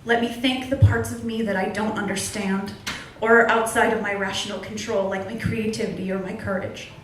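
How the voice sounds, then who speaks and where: A woman's voice: medium pitch, steady tone, a little fast, fairly bright tone. Young woman, spoken word performer, earnest and wry, distant mic, very echoey club room, faint room noise. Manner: earnest, candid, with wry humor. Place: small club at an open mic.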